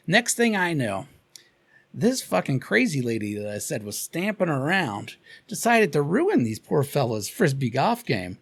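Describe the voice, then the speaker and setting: Animated, profane Cincinnati storyteller guy. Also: on the high side, measured pace, husky. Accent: Cincinnati, Ohio. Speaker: podcast co-host. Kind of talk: casual storytelling chat.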